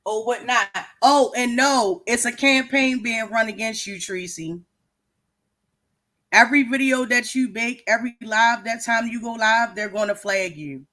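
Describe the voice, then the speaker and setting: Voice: mid-range voice, measured pace, bright, forceful tone. A livestream co-host giving emphatic, profane commentary and often repeating words.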